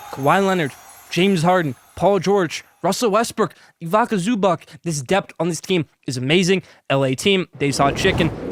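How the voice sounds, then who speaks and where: A man's voice: on the high side, a little hiss or hum. Hyped male sports podcast host. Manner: hyped, salesy, talks with food in mouth. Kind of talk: sponsored hot-takes segment while eating.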